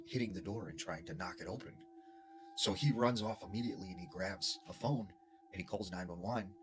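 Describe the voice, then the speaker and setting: Man, lowish voice, very animated delivery, creepy story told casually over a noisy background. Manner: casual, filler-heavy, dramatic pauses. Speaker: storyteller in a TikTok clip.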